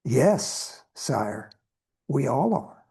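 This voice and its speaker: Man doing a plain-spoken charioteer, blunt answers, gravelly, husky. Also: mid-range voice, very animated, drawn-out words, mellow, heavily acted. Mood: matter-of-fact. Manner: blunt, matter-of-fact answers. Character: loyal male charioteer, plain-spoken servant.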